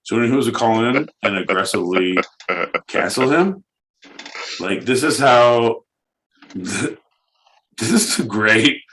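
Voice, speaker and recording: A man co-hosting a podcast, crude, loud and joking. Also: medium pitch, expressive, slow pace, pauses often. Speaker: podcast co-host. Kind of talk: casual comedic chat.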